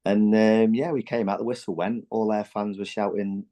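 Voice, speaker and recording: A man in his forties with a low, mellow voice recounts old football days on a podcast. He talks loosely, piles on fillers and restarts, and slips into lively impressions of teammates. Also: normal speed, hardly any pauses. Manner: animated, acts out quotes from teammates. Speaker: former footballer guest. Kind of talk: candid podcast storytelling.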